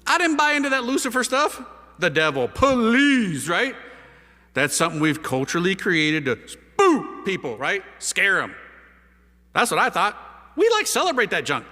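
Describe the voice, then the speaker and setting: A priest telling his conversion story to an audience, a lively storyteller using casual slang and rhetorical questions. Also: sits high, moderate pace. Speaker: priest giving a conversion testimony. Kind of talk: animated testimony talk to an audience. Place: large hall with a live audience. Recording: reverberant hall.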